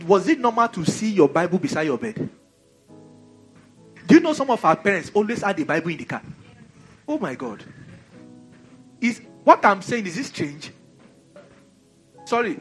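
A Nigerian man preaching a sermon in an animated, conversational way, full of rhetorical questions. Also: a little high, husky.

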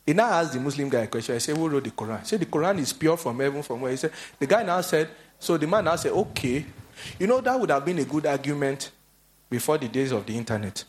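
Animated man preaching a sermon. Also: fast. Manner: animated storytelling, acts out quoted voices in a high pitch.

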